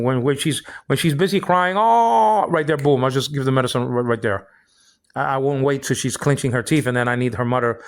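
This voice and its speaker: Older man ranting with stammered restarts. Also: medium pitch. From Philippines. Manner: repetitive, stammering restarts, heated. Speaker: vlog host. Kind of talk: rambling personal monologue.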